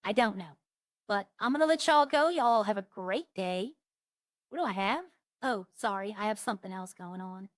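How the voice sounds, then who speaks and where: A woman talks a little fast in a mid-range voice, casually chatting with viewers during a game stream and rambling as she thinks aloud. The sound is clean and studio-like, with no room sound.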